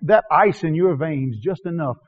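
A man preaching a sermon as a missionary preacher, swinging from shouting to hushed tones and chuckling often. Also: fairly high pitch, lively intonation, normal speed. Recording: dull lo-fi recording.

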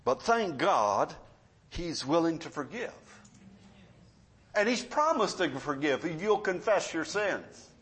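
Middle-aged pastor, high voice, folksy storytelling preacher who drops to hushed asides. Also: male voice, sing-song, slow, long pauses. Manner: storytelling preacher, swings between loud emphasis and quiet asides. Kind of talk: sermon.

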